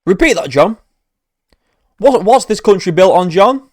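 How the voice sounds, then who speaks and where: A man's voice: sits high, expressive, unhurried, no echo, clean studio sound. A man giving profane, mocking reaction commentary as an MMA commentator, ranting sarcastically.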